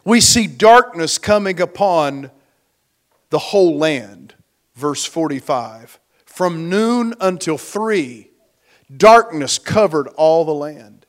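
A man preaching in a church, slow and deliberate, his voice a bit higher than most men's. He leans into key words with rising force and then lets them fall away. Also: fairly bright tone. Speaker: pastor. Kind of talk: sermon.

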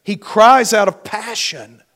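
A man preaching a sermon as pastor, slow and emphatic, his force rising and falling. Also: sits high, fairly bright tone. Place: church.

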